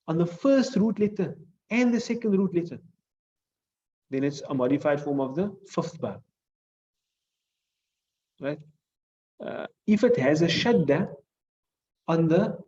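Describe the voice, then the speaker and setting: The recording is muffled, and his voice is a little high with a dark tone. A South African-accented teacher of Islamic studies, he leads a lesson on hadith and Arabic grammar, explaining patiently, restating the key ideas, and checking comprehension with "right?".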